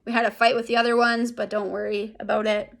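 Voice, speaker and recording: A woman's voice: fairly high pitch, little pitch movement, fast, vocal fry. A woman reading aloud voices a boy leader who is worn out and bitter. The voice stays near her own natural tone, with a tired, bitter edge. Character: boy leader, weary and upset.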